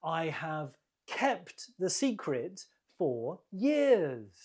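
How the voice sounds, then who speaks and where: A British woman leads an English quiz, stretching each word out at a very slow, careful pace. Her voice has a breathy, slightly husky edge, and her pitch moves up and down a lot as she repeats answers for learners. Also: sing-song, darkish tone. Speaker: English teacher hosting a quiz. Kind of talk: slow, clear quiz teaching.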